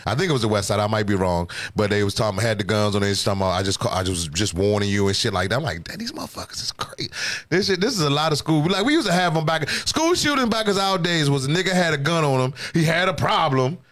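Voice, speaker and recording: A man in his forties from Washington, D.C., hosting a podcast in casual chat, telling loud, profane stories with laughing asides. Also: on the high side, animated, fast, hardly any pauses. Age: 40s. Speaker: podcast host.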